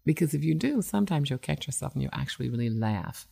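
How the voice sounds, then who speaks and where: A woman's voice: sits low, animated, quick pace, gravelly, warm tone, breathy edge. A woman hosting an internet radio show as a relationship expert, giving advice in a conversational, emphatic way with frequent fillers.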